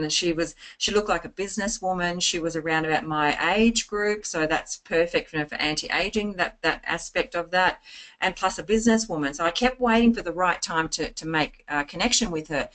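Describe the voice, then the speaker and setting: A woman giving an informal sales training talk, full of anecdotes, chatty and lively, restarting her phrases often. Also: on the low side. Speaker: network marketing trainer.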